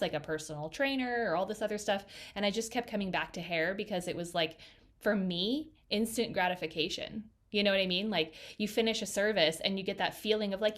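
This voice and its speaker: Lively woman telling stories, acting out voices. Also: mid-range voice. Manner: lively storyteller who acts out quoted voices. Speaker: hairstylist. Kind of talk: casual podcast conversation.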